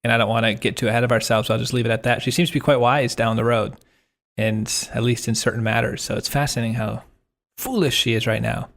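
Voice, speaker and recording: A man in a middle register chats casually about a book on a podcast. He is relaxed and makes wry, blunt asides. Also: mid-range voice, fast, gravelly. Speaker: podcast co-host.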